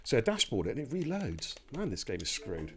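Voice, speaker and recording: A man's voice: medium pitch, a little fast, slightly rough. Chatty man hosting a live stream. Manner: chatty, relaxed and jokey. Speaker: esports race league host. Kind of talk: casual live-stream commentary.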